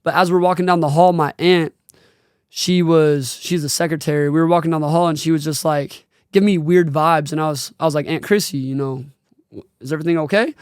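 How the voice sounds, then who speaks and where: Man in his twenties, podcast host; slightly high, smooth voice, earnest and casual with slang, choked up at times. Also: level tone, fairly quick, darkish tone, no echo, studio quality. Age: 20s. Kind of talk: personal storytelling.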